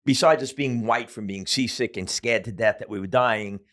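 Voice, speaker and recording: A man's voice: lowish voice, normal speed, fairly bright tone. A middle-aged man telling a story as a podcast guest, casual and profane, with many fillers.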